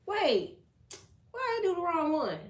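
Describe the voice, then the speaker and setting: A woman's voice: very high voice, sing-song, measured pace. A woman hosting a tarot live stream, chatting casually and bluntly with her viewers, laughing often and reading their comments aloud.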